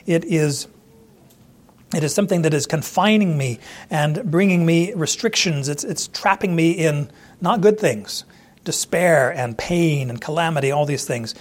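A man's voice: fairly high pitch, measured pace. A man teaching through a Bible passage verse by verse in a conversational way, acting out the quoted speakers as he goes. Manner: conversational, acts out quoted lines with restarts.

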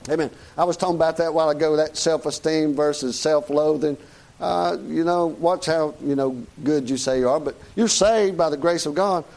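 A man's voice: on the high side, steady tone, moderate pace, gravelly, a little mellow. A middle-aged man with a Southern US accent preaching a sermon in a folksy, joking way, chuckling as he goes. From Southern United States.

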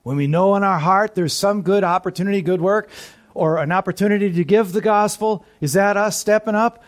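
A man's voice: high-pitched, brisk. Preaching man asking the room questions. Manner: call-and-response questions to the congregation, dropping to soft asides. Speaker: pastor. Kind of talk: sermon.

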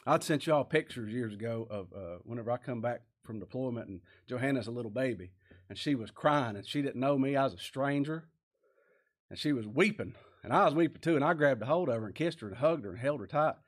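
A man's voice: mid-range voice, animated, fairly quick. A man preaching a sermon, earnest and emphatic, with many rhetorical questions.

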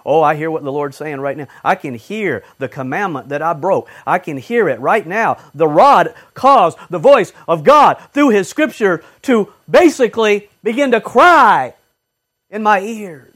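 Animated and a little slow, a man delivers a fervent sermon that moves between loud exhortation and quiet murmuring. Now and then he performs brief quoted voices.

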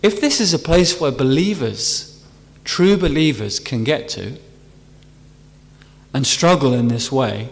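A man's voice: mid-range voice, expressive, slow pace, gravelly, long pauses. A man preaching a sermon earnestly, stressing key phrases as he explains a psalm. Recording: long hall reverb.

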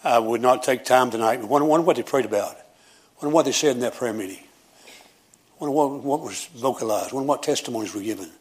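A man preaching a sermon as pastor, with a Southern preacher cadence, rising at times into loud shouting praise. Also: fast, slightly rough. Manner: builds to high, shouting preaching.

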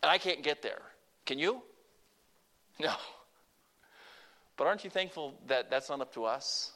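An older man preaching a sermon, emphatic, swinging between hushed and loud passages and calling on listeners to repeat phrases after him. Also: a little high, lively intonation, a little slow. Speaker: pastor.

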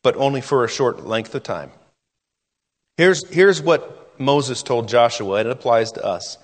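A man's voice: medium pitch, expressive. Earnest male preacher in a reverberant hall. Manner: earnest, with dramatic pauses and drops to a hush. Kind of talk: sermon.

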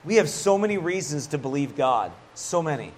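A man preaching a conversational sermon as a pastor, animated, with laughs and asides. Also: a little high, normal speed, a little hiss or hum.

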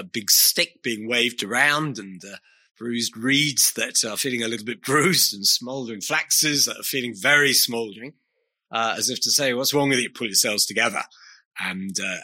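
A man delivers a sermon with a very bright, forward tone and a husky edge. He speaks earnestly and deliberately, pausing often and repeating key phrases for weight. The sound is dry, with little room echo. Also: medium pitch. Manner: measured, earnest preaching with frequent hesitations and emphatic repetition. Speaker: preacher.

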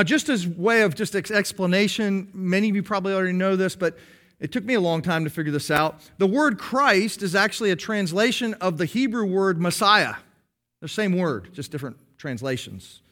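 A man preaching a sermon to his congregation, explaining patiently and slowing down to stress key phrases. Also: high-pitched, pushed and bright. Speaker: pastor.

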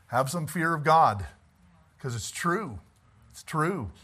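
A man's voice: fairly high pitch, lively intonation, drawn-out words, pushed and bright, husky. A middle-aged man preaching a folksy sermon in church as pastor, talking conversationally with asides and chuckles, then pressing his points emphatically.

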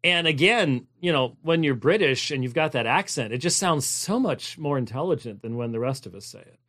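A man's voice: medium pitch, lively intonation, a little fast, fairly bright tone. Man preaching an emphatic Bible exposition. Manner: digressive, with frequent fillers and restarts; emphatic, repeats key phrases. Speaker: pastor. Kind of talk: sermon-style Bible exposition.

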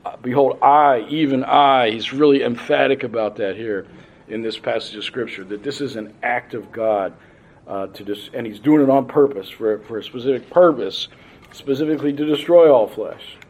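A man teaching a Bible study class, reading scripture aloud and explaining it patiently, with frequent pauses and ums. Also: medium pitch, a little mellow, husky.

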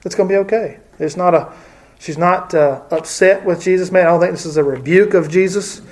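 A man's voice: high voice, normal speed. A man teaching a casual Bible study, talking hesitantly with many fillers and restarts.

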